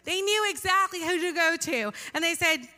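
A woman preaches with emphatic, animated energy, calling out to her listeners as she goes. Her voice sits very high and rings bright and forceful. It carries a long reverb, as if she is heard in a large church hall. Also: normal speed. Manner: emphatic and animated, with audience call-outs. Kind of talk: sermon.

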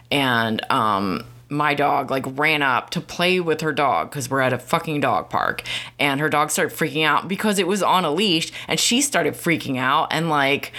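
Woman vlogger, low voice, venting in a rambling, profane, irritated rant. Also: pushed and bright. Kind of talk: casual ranting monologue.

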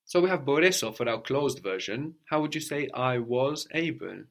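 A man's voice: mid-range voice, expressive, normal speed. A man teaching a language lesson, patiently prompting his student and often checking with a questioning "no?".

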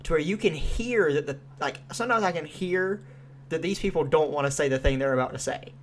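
A young podcast co-host reviews a show in casual chat, animated, swearing freely and using lots of fillers. His voice is fairly high and fairly quick, with a little hiss or hum in the background.

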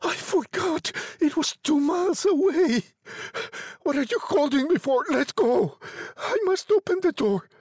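Man playing desperate old mother figure, storybook reading, shrill pleading cries, dry close sound. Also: animated, measured pace, a little mellow, dry recording. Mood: frantic. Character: frantic grieving old woman, desperate mother.

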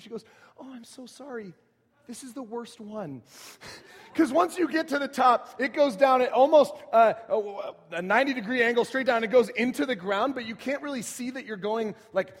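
A young man preaching a sermon, moving from soft, reflective asides to loud, excited storytelling. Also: high-pitched. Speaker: pastor. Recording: long hall reverb.

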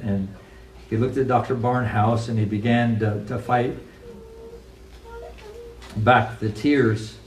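A man's voice: on the low side, darkish tone, slight background noise. A man giving a sermon, telling a story in an earnest, conversational way with frequent restarts. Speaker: pastor. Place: church sanctuary. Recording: roomy echo from a distant mic.

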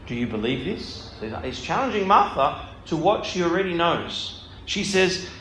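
A Bible study speaker gives a casual scripture talk, reading passages aloud and then explaining them in a rambling, thinking-out-loud way. His voice is fairly high and sharp, with wide pitch swings at a normal pace. The room is echoey with faint background noise.

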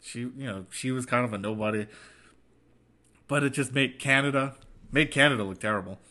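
A man's voice: medium pitch, fairly quick, bright, forceful tone. A man in casual chat as a podcast co-host, rambling and chatty. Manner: rambling, chatty, does mocking quoted voices.

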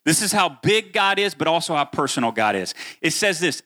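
Man preaching, bright tense voice, slightly high pitch, talks straight to the congregation. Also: a little fast, few pauses. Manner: animated preaching, addresses congregation directly. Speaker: pastor. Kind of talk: sermon.

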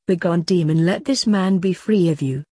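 A woman voicing a female stage medium, speaking in slow, grave pronouncements. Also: lowish voice, dark tone, husky, no room sound, clean studio sound. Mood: solemn.

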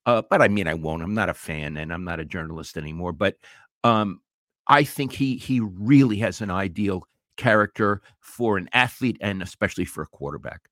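A man's voice: low voice, normal speed, fairly bright tone, no room sound, clean studio sound. An older man, a retired sports writer, co-hosting a casual sports podcast with emphatic opinions and stumbling restarts.

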